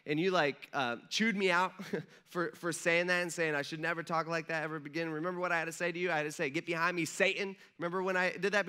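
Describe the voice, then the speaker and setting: A man's voice: high-pitched, pushed and bright, clean tone. A man, a pastor, preaching a casual sermon and acting out the lines of biblical figures in a conversational way. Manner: conversational, acts out dialogue voices. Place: church sanctuary.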